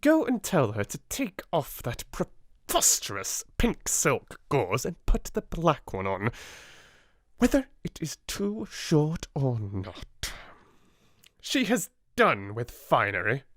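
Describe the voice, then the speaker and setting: A man's voice: mid-range voice, huge pitch swings, takes it slowly, dry recording, studio quality, voice pushed up, heavily acted. A man with a British accent voicing a fierce, bitter middle-aged headmistress who snaps out harsh commands in a raised voice. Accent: British English. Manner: harsh, commanding, sharply rising.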